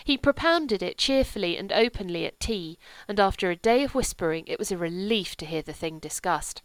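Woman narrator, audiobook reading, measured, dry close sound. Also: medium pitch, lively intonation, no room sound. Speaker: audiobook reader. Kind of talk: scripted narration.

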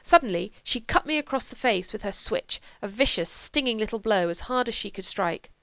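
Brief: calm female audiobook narrator, measured literary reading, smooth tone, dry booth sound. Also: medium pitch, no echo.

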